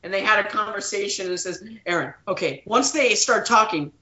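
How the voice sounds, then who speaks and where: A man, a guest actor, telling a story in an animated way and acting out the quotes with big voice shifts. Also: high voice, fairly quick, roomy sound, muffled recording.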